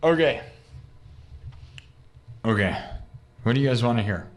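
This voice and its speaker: An American young man hosts a live music stream, chatting casually with viewers in a brash, ranting style packed with "dude" and "bro." His medium-pitched voice is expressive and a little slow.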